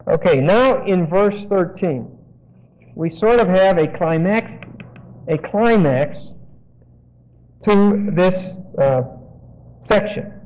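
High-voiced man teaching Bible verses. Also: darkish tone. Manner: explains Greek grammar, digressive, frequent "okay?". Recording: dull lo-fi sound.

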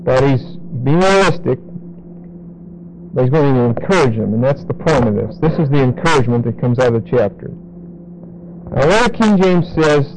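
A man teaching a Bible study to a congregation, explaining word meanings and repeating key words slowly for emphasis. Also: mid-range voice, expressive, darkish tone, a little hiss or hum, poor audio.

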